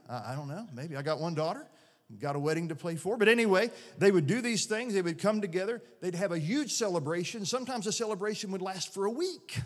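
Man in his forties, folksy preacher, slightly high voice, long reverb of a church hall. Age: 40s. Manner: folksy, animated preaching with jokes. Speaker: pastor. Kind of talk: sermon. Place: church sanctuary.

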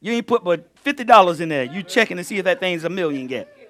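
Pastor, male, high-voiced and highly animated, preaching a sermon with loud peaks and low asides. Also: fast. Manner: call-and-response preaching, swings between loud bursts and low asides.

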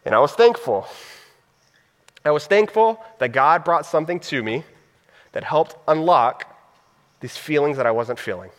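Young pastor in a reverberant hall. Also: male voice, fairly high pitch, expressive, normal speed, pauses often. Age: 30s. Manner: casual and heartfelt, with laughs and asides. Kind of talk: sermon storytelling.

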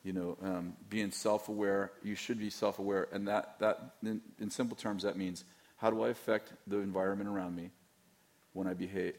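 The speaker is a middle-aged pastor answering questions candidly before a church audience. His lowish voice is a little mellow and steady, at a moderate pace, while he rambles, teases, and restarts often.

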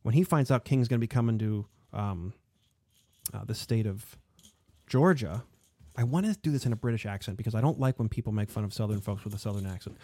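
Animated man hosting a history podcast. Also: lowish voice, brisk, no room sound. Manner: animated, digressive, frequent fillers. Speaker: podcast host. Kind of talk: casual podcast discussion of history.

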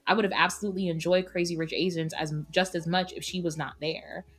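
A woman co-hosting a podcast roundtable, talking in an emphatic, opinionated, animated way. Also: on the low side, fast, slightly rough. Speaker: podcast co-host. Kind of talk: casual roundtable chat.

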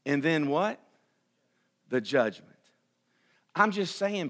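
A man preaching a sermon as pastor, emphatic, repeating phrases and swinging between loud outbursts and hushed passages. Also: a little high, expressive, slow pace, long pauses.

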